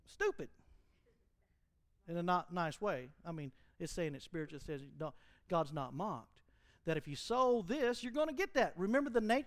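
A middle-aged male pastor preaching an animated sermon in a church, mimicking fiery preachers and laughing at his own jokes. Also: high voice, no echo, studio quality.

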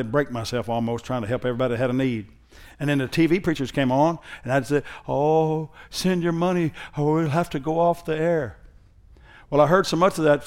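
A man preaching a sermon in a conversational way that builds into loud, emphatic preaching, often using a sarcastic tone. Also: mid-range voice. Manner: reads scripture in a slow, mocking sarcastic tone. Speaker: pastor.

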